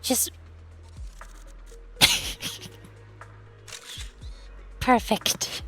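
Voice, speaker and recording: A tired woman streamer and voice actor chatting quietly and softly with frequent giggles. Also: extremely slow, soft background music. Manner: quiet and soft-spoken, giggly. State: tired after hours of streaming. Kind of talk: casual gaming stream chat.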